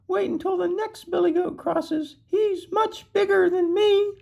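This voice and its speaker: A squeaky, frightened little billy goat. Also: male voice, steady tone, unhurried, gravelly, a little mellow, full character voice. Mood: pleading. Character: tiny young male billy goat, frightened and pleading.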